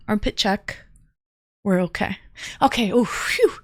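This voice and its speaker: A woman's voice: medium pitch, huge pitch swings, unhurried, dry recording, studio quality. A woman livestreaming, greeting her chat viewers one by one in a playful, casual way.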